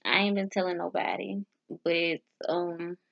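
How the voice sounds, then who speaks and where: A woman vlogging casually as she practices foreign phrases, sounding them out haltingly with restarts and nervous, self-deprecating asides. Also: lowish voice, little pitch movement, creaky. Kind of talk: casual language practice vlog. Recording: dull lo-fi sound.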